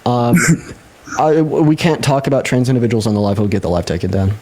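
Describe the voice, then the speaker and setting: A young man hosting a casual livestream debate, talking fast, laughing and swearing, with sudden jumps up in pitch when he gets excited. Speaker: livestream host.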